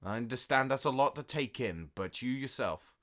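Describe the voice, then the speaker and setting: A man's voice: medium pitch, expressive, normal speed, a bit bright, lightly acted. A man playing a proud, theatrical emperor in a fan audio drama, speaking in a pompous, sarcastic way.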